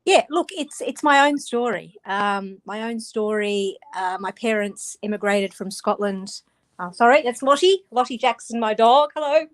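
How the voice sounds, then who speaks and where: A woman's voice: mid-range voice, a little slow. A woman with an Australian accent, an author chatting as a guest over a video call, talking freely with frequent laughs. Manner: chatty, laughs often, restarts words. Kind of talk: casual interview chat.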